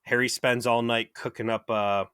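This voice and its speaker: A man's voice: mid-range voice, little pitch movement, normal speed, a bit bright, smooth, no echo, clean studio sound. A young man co-hosting a podcast, recapping an episode in wry, casual chat and swearing freely. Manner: wry, swears freely, acts out quoted lines. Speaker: podcast co-host.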